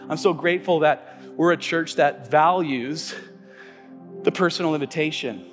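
A man preaching a sermon as pastor, telling stories with animation and swinging between loud, emphatic lines and hushed ones. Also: a little high, normal speed, long reverb tail, soft background music. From United States. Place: church sanctuary.

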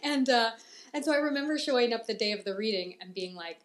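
A woman's voice: medium pitch, lively intonation, racing. A young woman co-hosting a casual chat, candid and reflective, often laughing as she talks. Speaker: podcast co-host.

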